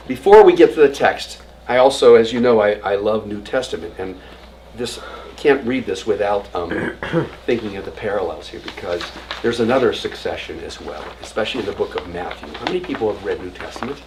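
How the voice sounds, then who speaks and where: A man's voice: fairly low pitch, expressive, normal speed. A man teaching an adult class as rabbi, telling stories and jokes and acting out quotes, sometimes dropping to a whisper. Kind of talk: informal adult education lecture. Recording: distant mic with audible room noise.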